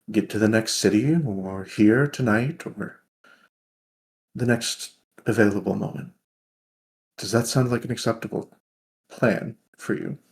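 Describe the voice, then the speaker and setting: A man voicing an armored knight who is playful but sincere, speaking in a gentle, courtly way from a tabletop game. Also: medium pitch, lightly acted.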